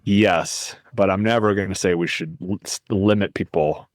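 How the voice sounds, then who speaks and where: A man talking as a podcast guest, animated and rambling, often cutting himself off to restart a thought. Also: sits low, normal speed, no echo, clean studio sound. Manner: animated, rambling, self-interrupting. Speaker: guest, nonprofit founder. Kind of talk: casual podcast conversation.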